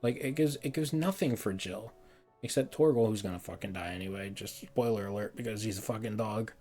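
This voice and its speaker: A man's voice: lowish voice, a little fast, darkish tone, faint music behind. Exasperated man ranting, swearing a lot. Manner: repeats words in frustration. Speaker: streamer reviewing a game. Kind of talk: heated game review rant.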